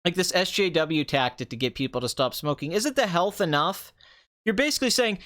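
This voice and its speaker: A man's voice: high voice, lively intonation, brisk, a bit bright. A young man hosting a casual movie review talk, ranting sarcastically with mocking asides. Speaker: movie review podcast host.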